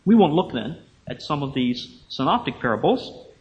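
Measured male Bible lecturer. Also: on the high side, sing-song, darkish tone, dull audio. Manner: measured, thinking aloud with fillers and restarts. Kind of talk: academic lecture.

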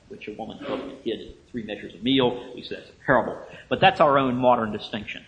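A man giving an academic lecture on the Gospels, measured and thinking aloud with fillers and restarts. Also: lowish voice, fairly even intonation, dull audio.

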